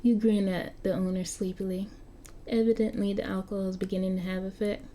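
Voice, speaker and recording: Mellow-voiced woman reading an interactive story. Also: medium pitch, level tone, fairly quick. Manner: stumbles and restarts over words; chatty asides to viewers. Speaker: story narrator.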